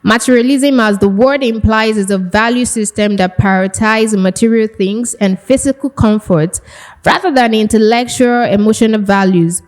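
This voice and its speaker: A woman's voice: a little high, moderate pace. A young Nigerian woman hosting a casual podcast chat, bubbly and teasing, often breaking into laughter. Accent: Nigerian English. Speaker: podcast host.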